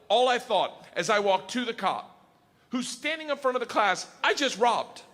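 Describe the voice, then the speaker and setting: Stand-up comedian, bright, lively, loud delivery, roomy stage with crowd noise. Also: male voice, high voice. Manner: loud, excitable, swearing, builds to shouts. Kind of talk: stand-up storytelling.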